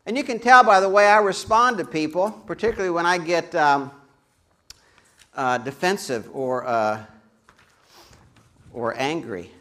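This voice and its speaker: A man preaching a sermon as a pastor, an animated storyteller who acts out quoted voices and adds humorous asides. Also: a little high, a little slow, pauses often.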